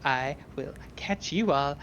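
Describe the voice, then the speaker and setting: A woman's voice: very deep voice, slow pace, a bit bright, lo-fi sound, exaggerated voice. A woman voicing a sheepish young woman who has been caught snooping, nervous and stammering. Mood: weary.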